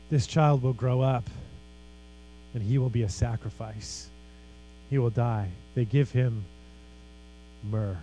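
A man's voice: medium pitch, slow, long pauses, warm tone, low-quality recording. A man preaching a sermon as pastor, earnest and emphatic, with casual conversational asides.

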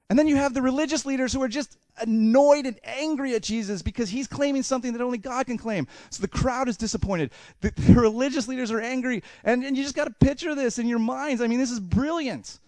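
With an extremely high pitch and a fairly quick delivery, a pastor preaches animatedly, voicing the thoughts of the story's characters and alternating loud bursts with hushed asides. The studio-quality recording has no echo.

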